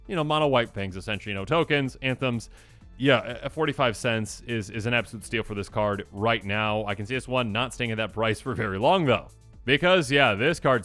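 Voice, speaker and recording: A man talks in a bright, lively voice, rambling about cards with a steady stream of fillers. The recording is close and dry, with faint music underneath. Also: mid-range voice, no room sound. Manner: rambling, filler-heavy, animated. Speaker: host of a card game budget channel. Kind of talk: casual chat, talking through card prices.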